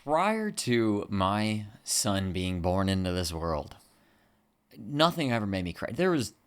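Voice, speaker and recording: A young man co-hosting a podcast in casual chat, animated and excitable. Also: slow pace, clean tone. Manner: animated, jumps to excited high pitch. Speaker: podcast co-host.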